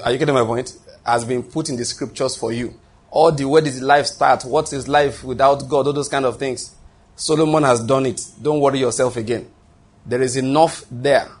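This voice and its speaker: A man delivers a sermon in a slightly husky, mid-range voice. He stresses key phrases by repeating them, breaks off and restarts sentences, and checks in with his listeners through rhetorical questions. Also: mid-range voice. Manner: repetitive, emphatic, with frequent restarts and rhetorical questions. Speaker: pastor.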